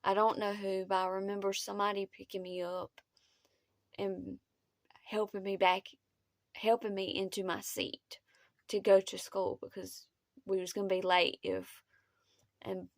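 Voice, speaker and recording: Gravelly-voiced woman telling a story. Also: mid-range voice, level tone, no room sound. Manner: halting, emotional, with many pauses. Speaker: vlogger. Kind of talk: personal storytelling.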